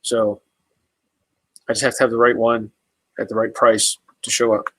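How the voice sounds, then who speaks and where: A man's voice: mid-range voice, flat delivery, normal speed, fairly bright tone, no echo, poor audio. A man hosting a casual live stream, answering viewers' comments in an easygoing, rambling way with many fillers and restarts.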